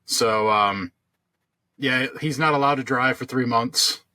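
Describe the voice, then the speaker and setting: Slow-paced, pushed and bright, his medium-pitched voice carries no room sound. This podcast co-host tells a long, rambling story in casual chat, with lots of fillers and restarts.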